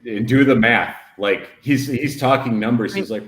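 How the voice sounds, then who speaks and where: A man's voice: medium pitch, moderate pace, echoey room. A man co-hosting a casual livestream chat, rambling and emphatic, often breaking into laughter. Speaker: podcast co-host.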